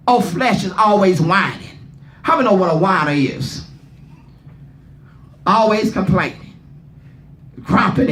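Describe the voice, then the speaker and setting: A man's voice: high-pitched, fairly bright tone, echoey room. A man preaching at a Bible study, leading readers and firing questions at the room. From not from Philadelphia. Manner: fervent, asks the room questions, repeats words.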